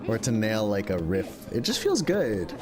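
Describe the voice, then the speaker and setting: A man streaming a game, chatting casually in a rambling, halting way and swearing now and then. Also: on the low side, sing-song, music in the background.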